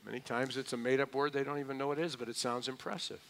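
A man's voice: mid-range voice, fairly even intonation, rapid-fire, gravelly, fairly bright tone, a little hiss or hum. A middle-aged man preaching a verse-by-verse sermon as pastor, conversational with joking asides. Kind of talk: expository sermon.

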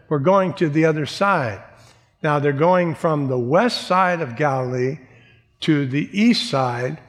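Reverberant male preacher, emphatic yet chatty. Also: fairly high pitch. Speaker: pastor. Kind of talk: sermon.

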